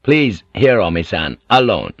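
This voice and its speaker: A man voicing a wary male English sailor who speaks in careful, halting broken phrases. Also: lowish voice, very animated, no room sound, heavily acted. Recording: dull lo-fi audiobook recording.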